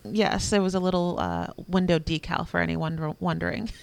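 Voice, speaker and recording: A woman in her thirties co-hosting a podcast, telling a story about her toddler in a casual chatty way with quick laughs. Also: lowish voice, very animated, creaky. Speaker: podcast co-host. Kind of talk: casual chat.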